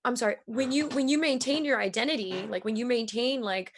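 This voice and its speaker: A woman's voice: fairly high pitch, a little fast, a little hiss or hum. Thoughtful woman co-hosting a chat. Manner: thoughtful, searching for words. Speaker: co-host. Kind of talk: casual chat on a video call.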